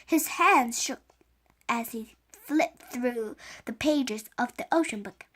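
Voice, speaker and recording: A woman reading a children's chapter book aloud, halting now and then with slips and restarts. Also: a little high, fairly bright tone. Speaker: reader.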